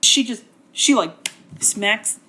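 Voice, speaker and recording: A woman's voice: fairly high pitch, expressive, slow pace, pushed and bright, husky. A woman hosting a comedic book synopsis, narrating in a wry, chatty, slangy way. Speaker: host.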